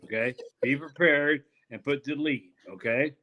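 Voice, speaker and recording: A man's voice: medium pitch, a little slow, lo-fi sound. A man guesting on a casual podcast, brash and crude as he tells his bits.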